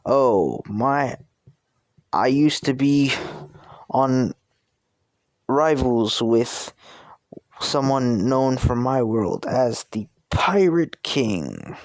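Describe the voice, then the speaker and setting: A man voicing a mighty old pirate captain with a deep voice and a slight British accent, speaking as a calm mentor in slow, grand pronouncements. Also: dry recording. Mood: solemn.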